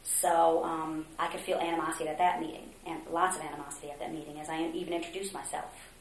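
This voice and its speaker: A woman from Mexico being interviewed, earnestly recounting a story, acting out quotes with hesitant pauses. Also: low voice, flat delivery. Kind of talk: oral history interview. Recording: roomy echo, faint noise.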